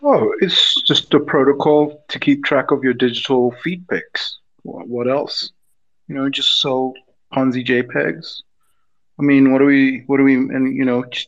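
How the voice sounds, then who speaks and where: A man's voice: mid-range voice, steady tone, moderate pace. Jokey man on a dull line. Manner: jokey, irreverent. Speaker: guest speaker. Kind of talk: casual chat.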